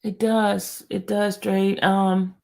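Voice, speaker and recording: A woman's voice: mid-range voice, flat delivery, slow pace, vocal fry, darkish tone. A woman blogger on a live stream, talking to her viewers in a frustrated way and often repeating herself. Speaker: court news blogger.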